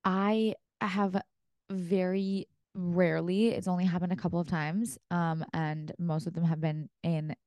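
A woman's voice: lowish voice, flat delivery, measured pace, a little mellow, no echo, clean studio sound. A woman co-hosting a podcast, asking pointed follow-up questions and reflecting openly on her own feelings. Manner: probing, self-reflective, swears. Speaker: podcast co-host. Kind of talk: casual chat.

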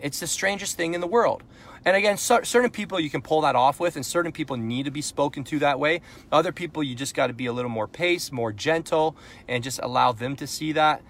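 A man's voice: fairly high pitch, expressive, a little fast, creaky, fairly bright tone. A man from Canada giving a live sales coaching talk, blunt and punchy, firing rhetorical questions and pushing into frustrated intensity. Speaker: sales coach and podcast host.

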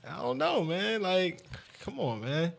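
A man hosting a podcast, telling a story in casual chat, animated and profane, jumping into a high excited voice when he quotes himself. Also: measured pace, gravelly. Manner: animated, swearing, acts out his own lines in a high excited voice. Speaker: podcast host.

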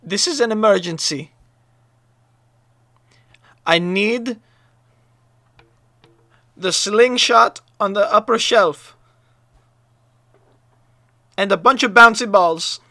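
Urgent, emphatic young adventurer, as a player puts him on, raised and bright. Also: male voice, sits high, takes it slowly, pauses often, no room sound, studio quality, pitched above the performer's own voice, exaggerated voice.

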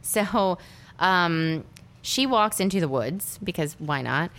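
A woman's voice: fairly low pitch, lively intonation, slow pace, a bit bright. A woman co-hosting a podcast, casually recapping a film's plot in a rambling way, with many fillers. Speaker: podcast co-host.

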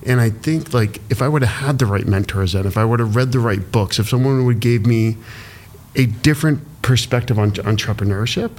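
Halting man, filler-heavy talk. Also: medium pitch, a little mellow. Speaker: entrepreneur guest. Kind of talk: emotional podcast interview.

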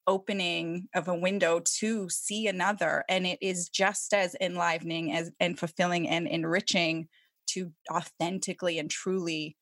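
A woman's voice: lowish voice, level tone, moderate pace, no room sound, studio quality. A woman hosting a podcast, speaking in a reflective, thoughtful way. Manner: warm, reflective, thoughtful phrasing. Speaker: podcast host. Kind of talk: casual interview conversation.

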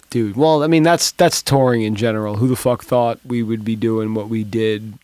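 A man hosting a podcast in a casual chat, laid-back and quick to laugh. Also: mid-range voice, steady tone, darkish tone, no echo. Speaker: podcast host.

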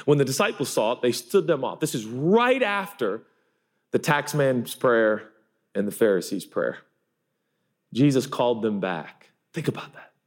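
Male pastor, forties, animated sermon, self-deprecating humor, mid pitch. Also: measured pace.

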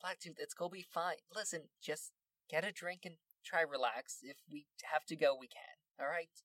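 Man as a protective, coaxing friend, quiet and dry. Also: fairly high pitch, normal speed, no room sound. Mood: reassuring.

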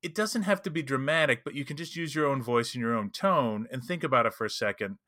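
A man co-hosting a tabletop gaming podcast, explaining tips in an animated way and checking in with "right?". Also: medium pitch, fast, dry recording, clean studio sound. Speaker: podcast co-host, game master. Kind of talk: casual chat.

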